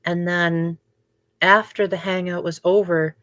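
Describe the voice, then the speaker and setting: This young woman's voice is fairly low, level, and fairly bright, and she speaks a little slowly. She's running a casual livestream, chatting with viewers and leaning heavily on "like" and "um" as fillers.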